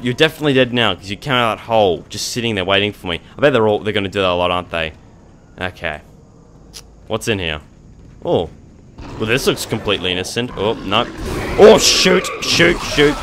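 A young man giving jokey, excitable gameplay commentary, talking back to the monsters on screen. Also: on the low side, a little hiss or hum. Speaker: let's play gamer.

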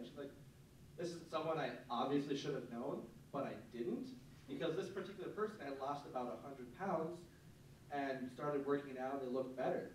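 A young stand-up comedian with a fairly high voice talks briskly through self-deprecating stories, rambling and leaning heavily on fillers. Recorded live on a club stage, the audio is very roomy and distant, with loud background noise and audience laughter.

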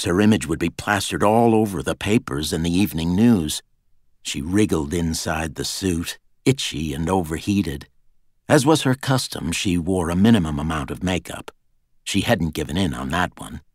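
A man narrating a thriller audiobook in a measured, dramatic reading on a close studio mic. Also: deep voice, animated, no echo. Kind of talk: scripted narration.

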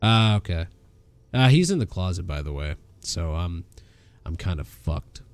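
A man streaming a horror game with an animated, swinging voice that jumps around as he yelps, swears and laughs at each scare. Faint game music plays behind him. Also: deep voice, measured pace. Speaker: gaming streamer. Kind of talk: livestream horror game commentary.

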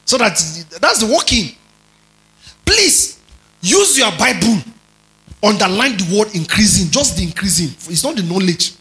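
A man preaching a teaching sermon, stretching and stressing key words, rising to loud emphasis and checking in with his listeners. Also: high-pitched, very animated, measured pace, rough recording. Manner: checks in with listeners, tells them to underline words.

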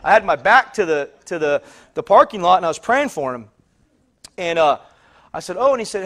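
Man, high voice, pastor, sermon storytelling, rambling, repeats himself. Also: lively intonation, fast talker, a bit bright. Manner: rambling, repeats words, acts out quoted voices.

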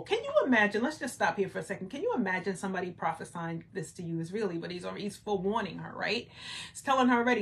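A woman leads a Bible study in a mid-pitched voice, reading scripture and stopping to comment. She talks conversationally, tossing in rhetorical "right?" asides and leaning into emphatic exclamations. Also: expressive, quick pace.

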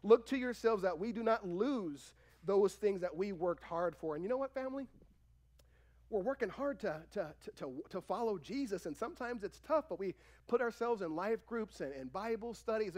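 Animated preaching man, high voice. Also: normal speed. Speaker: pastor. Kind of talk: sermon. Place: church sanctuary.

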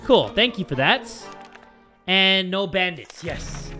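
A young man playing a survival game, reading its text aloud and reacting with excitable, sometimes profane commentary. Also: high voice, slow, music in the background. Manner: excitable, reads game text aloud, swears, yells at setbacks. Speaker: gaming YouTuber. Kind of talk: let's play commentary.

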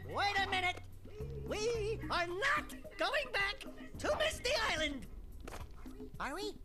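A man voicing a wisecracking small furry male animal sidekick in a video game, quick and sarcastic, over game music. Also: very high-pitched, big pitch swings, full character voice.

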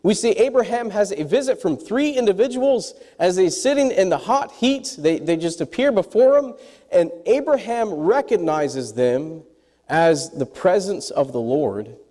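A man preaching a sermon to a congregation, animated and quizzing his listeners as he goes. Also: sits high, measured pace, in a large hall. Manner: animated, asks the congregation questions. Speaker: pastor.

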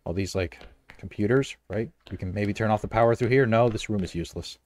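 A man doing let's play commentary on a horror game, excitable, repeating phrases over and over and swinging between low mutters and loud outbursts. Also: fairly quick. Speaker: gameplay commentator.

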